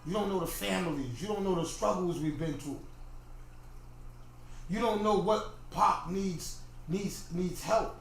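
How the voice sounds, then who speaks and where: Podcast host, middle-aged man, higher-pitched voice, animated rant, echoey room. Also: unhurried, vocal fry, pauses often. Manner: animated ranting, repeats himself. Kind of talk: casual livestream monologue. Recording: very echoey room, faint noise.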